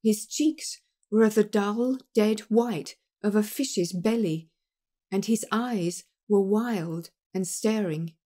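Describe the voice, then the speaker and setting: A woman narrating an audiobook of a classic detective story in a measured, expressive reading. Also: medium pitch.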